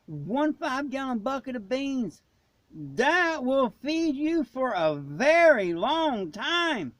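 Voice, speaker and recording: A man's voice: very high voice, very animated, takes it slowly, a bit bright, no room sound. A man from Florida who hosts a prepping channel, ranting in a blunt, emphatic, folksy way. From Florida, USA. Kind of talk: ranting vlog.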